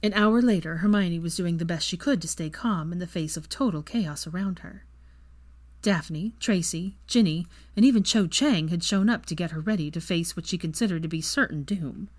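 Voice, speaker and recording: A woman's voice: on the low side, moderate pace. A woman narrating a fan fiction story as its reader. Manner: expressive storytelling. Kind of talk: scripted narration.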